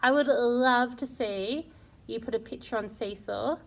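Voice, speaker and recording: A fairly high-voiced woman teacher leads a phonics lesson for young children at a very unhurried pace. She sounds words out piece by piece with a gravelly edge and praises often. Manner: slow, sounding out words syllable by syllable; encouraging and praising. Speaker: primary school teacher.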